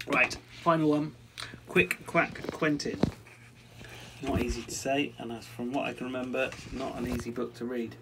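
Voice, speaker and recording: A man's voice: medium pitch, steady tone, moderate pace. A man reading a picture book aloud, chatty and self-mocking, with casual asides. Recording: distant mic with faint background noise.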